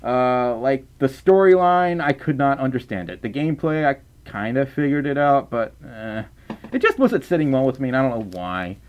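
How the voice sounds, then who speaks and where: A man with a softened Southern US accent, reading donations on a live stream in casual chat, rambling, stammering over repeated words, and laughing often. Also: mid-range voice, expressive, moderate pace, smooth. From Southern United States.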